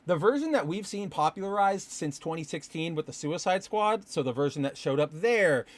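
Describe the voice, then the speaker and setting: A man hosting a podcast, chatting casually about comics with a rambling, animated delivery that turns to swearing when he gets excited. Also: a little high, moderate pace. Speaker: podcast host. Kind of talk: casual comic book commentary. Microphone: live stream with chat.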